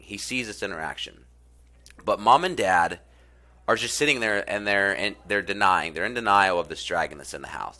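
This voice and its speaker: A man's voice: low-pitched, pushed and bright. A man giving a casual, earnest talk on self-improvement, who retells a story and repeats his phrases with many fillers.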